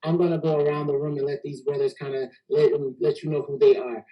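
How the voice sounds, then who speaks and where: A man's voice: on the high side, steady tone, fast, highs cut off. A man from Texas hosting a casual panel discussion, easygoing and joking, often repeating words as he gets going. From Houston, Texas. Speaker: host.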